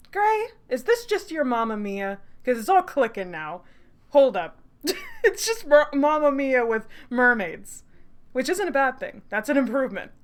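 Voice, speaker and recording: A woman's voice: fairly high pitch, fairly bright tone. A young woman streamer, giddy and swearing freely, reacting to and reading a story game aloud with lots of laughter. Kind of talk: excited let's-play commentary and reading aloud.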